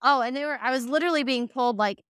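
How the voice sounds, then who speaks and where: A woman's voice: high voice, rapid-fire, fairly bright tone, clean tone, dry recording, clean studio sound. A young woman, a horse trainer, tells a podcast interviewer a long, emotional story in a rambling way, full of fillers like "like" and "you know". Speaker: guest, reining horse trainer.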